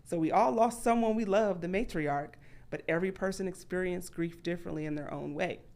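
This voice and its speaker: A woman guest on a podcast, talking candidly and acting out her past thoughts with sudden jumps in pitch. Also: brisk, a little mellow. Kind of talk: candid conversational storytelling.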